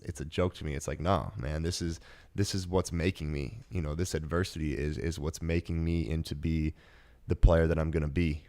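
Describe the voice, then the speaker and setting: A man's voice: rumbling low, a little mellow. A man in his twenties hosting a podcast, telling a personal story in an earnest, emotional way, with many fillers and restarts. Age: 20s. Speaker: podcast host.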